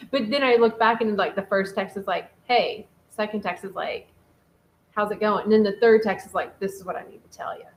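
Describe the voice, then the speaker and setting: A woman co-hosting a casual relationship talk show, chatty and animated, reading out listener comments. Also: medium pitch, moderate pace, a little hiss or hum, rough recording. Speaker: podcast co-host.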